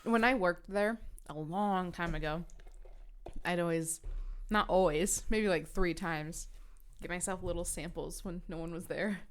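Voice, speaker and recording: A woman co-hosting a podcast in casual chat, giggly with a drawn-out delivery. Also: lowish voice, clear, resonant tone. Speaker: podcast co-host.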